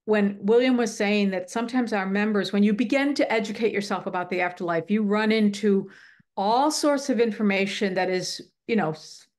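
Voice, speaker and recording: A middle-aged woman speaking in casual conversation, telling a heartfelt story earnestly and animatedly, often restarting her sentences. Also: mid-range voice. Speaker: guest speaker on the afterlife. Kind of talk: casual chat.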